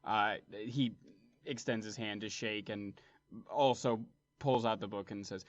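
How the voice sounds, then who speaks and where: A relaxed, friendly man co-hosting a show and playing a character in a tabletop game. The sound is dry and a bit dull, close to a plain home mic. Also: lowish voice, unhurried, no room sound. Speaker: co-host and player.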